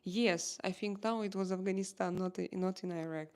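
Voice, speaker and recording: A woman with a Russian accent chatting casually on a live stream and answering her chat, halting now and then as she searches for English words and slips into French. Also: on the low side, fairly even intonation, a little mellow, smooth.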